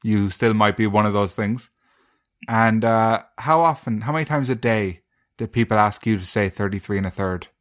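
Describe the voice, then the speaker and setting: An Irish man hosting a podcast, trading casual banter with dry, deadpan self-mocking jokes. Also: on the low side, moderate pace. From Ireland. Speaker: podcast host.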